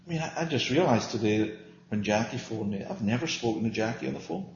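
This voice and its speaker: A man's voice: medium pitch, fast, a little hiss or hum. A man teaching a small Bible study group, speaking earnestly and emphatically and often asking and answering his own questions. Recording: roomy, dull lo-fi recording.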